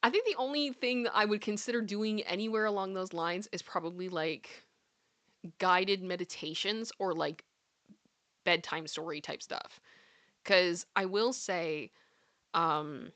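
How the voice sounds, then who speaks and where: A woman's voice: lowish voice, fairly even intonation, a little slow, fairly bright tone. A woman hosting a live commentary chat, chatty and giggly, often repeating her phrases. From Canada. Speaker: commentary show host.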